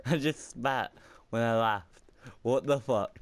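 A man's voice: mid-range voice, extremely slow. A young man commenting on a game from his room at home, frustrated, swearing and laughing at himself. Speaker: gaming YouTuber. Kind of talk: let's-play commentary. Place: room at home with window open. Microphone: microphone at computer.

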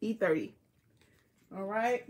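A woman's voice: mid-range voice, takes it slowly, darkish tone, a little hiss or hum. A woman hosting a casual live jewelry sale, chatting with viewers and repeating item codes. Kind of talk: casual live selling chat.

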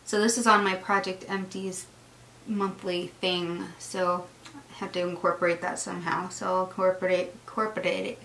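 A woman's voice: on the low side, level tone, normal speed, a bit bright. Woman doing a grwm makeup vid, gushy chatty talk, roomy echo, bit of hiss behind. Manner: chatty and gushing, narrating while she applies makeup. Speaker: beauty vlogger. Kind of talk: get-ready-with-me makeup tutorial chat. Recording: echoey room with faint noise.

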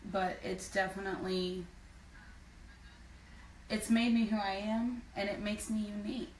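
A woman's voice: medium pitch, steady tone, measured pace, a little mellow, slight background noise. A woman singer in a casual live video chat, speaking earnestly with frequent fillers. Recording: roomy sound from far off.

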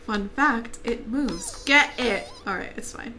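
Female gaming streamer, high pitched and bright, excitable, swears, laughs a lot, talks to on-screen characters. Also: extremely slow, long pauses, slight background noise. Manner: excitable, reactive, laughs and yelps often. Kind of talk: live let's-play commentary.

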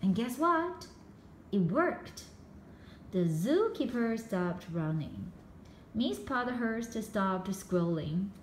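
Slow, expressive woman reading a storybook. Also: mid-range voice. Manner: slow and expressive, dramatic pauses. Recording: roomy echo with faint background hum.

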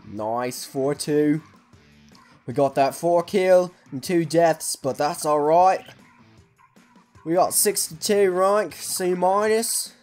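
A man hosting a gaming channel, giving hyper, excitable let's play commentary and yelling at opponents. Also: on the high side, takes it slowly, pauses often, soft background music.

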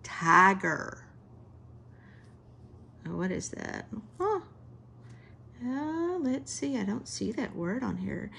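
A woman's voice: high-pitched, big pitch swings, vocal fry, dark tone, a little hiss or hum. A woman teaching a phonics lesson to children, sounding out words one sound at a time. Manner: slow, sound-by-sound phonics drilling.

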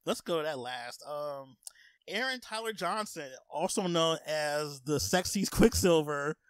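Male co-host, slightly high voice, excitable fan chatter, dry mic. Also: unhurried, clear, resonant tone, dry recording. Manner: excitable, gushing fan talk. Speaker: podcast co-host. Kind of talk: casual chat.

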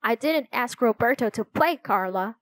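Brief: brash boy captain, put on by a woman, raised, shouting tone. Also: a little high, animated, moderate pace, no echo, lightly acted.

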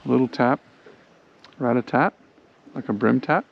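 Gravelly Australian man fishing a creek. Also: medium pitch, measured pace, lo-fi sound, slight background noise. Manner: excitable, chatty, talks to the fish. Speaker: angler filming his own fishing trip. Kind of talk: casual fishing vlog commentary. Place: on a small boat on a creek outdoors.

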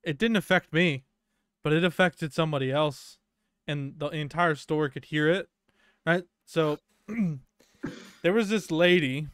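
A man's voice: fairly high pitch, measured pace, long pauses, fairly bright tone, clear, resonant tone, no echo, studio quality. A young man casually telling a long workplace story on a podcast, full of fillers and swearing. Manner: rambling anecdote with many fillers and profanity. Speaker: podcast co-host.

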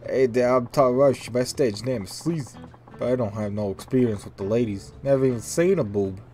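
A man voicing an awkward young male punk drummer in a video game, blurting loudly. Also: medium pitch, fairly quick, soft background music, natural voice.

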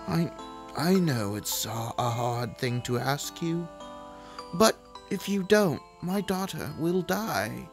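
A gamer voicing a desperate middle-aged father and mage with a put-on accent, slow and pleading over game music. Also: medium pitch, animated.

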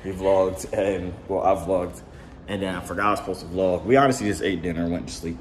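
A man's voice: low-pitched, steady tone, a little fast. A young man vlogging casually at home, playful and teasing, full of slang. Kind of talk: casual vlog chat. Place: home, indoors. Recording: echoey room, faint noise.

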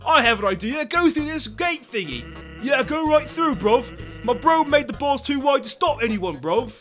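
A man's voice: very high voice, sing-song, moderate pace, a bit bright, soft background music, pitched above the performer's own voice, heavily acted. A man voicing a lazy, joking skeleton in a game, with a put-on London-style slang accent and a cheeky, laid-back delivery. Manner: laid-back, cheeky, keeps saying bruv.

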